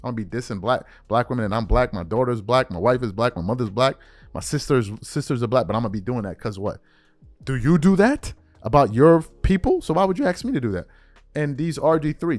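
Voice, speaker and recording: A man's voice: mid-range voice, no room sound. A man hosting a sports commentary channel, delivering an emphatic, repetitive opinion rant straight at his viewers.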